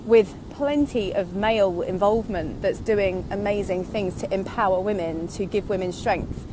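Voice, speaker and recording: A woman's voice: medium pitch, moderate pace. A woman in her thirties gives a casual, reflective monologue, rambling candidly from one thought to the next. She is slightly breathless from walking outdoors, with faint traffic noise in the background. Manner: candid, rambling, goes off on tangents. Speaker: online business vlogger.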